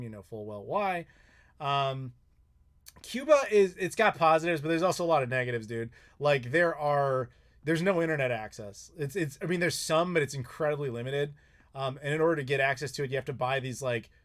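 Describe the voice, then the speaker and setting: An American man hosting a live Q&A, telling travel stories in a casual, animated way and acting out what people said. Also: medium pitch. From United States. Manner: animated, chatty, quotes people in his stories. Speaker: YouTuber host.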